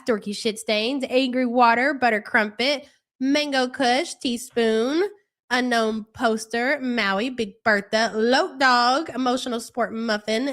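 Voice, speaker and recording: A woman hosting a casual live stream, rattling off viewer names in a quick roll call while recovering from being sick. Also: a little high, a bit bright. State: under the weather, recovering from illness. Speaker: live-stream reaction host.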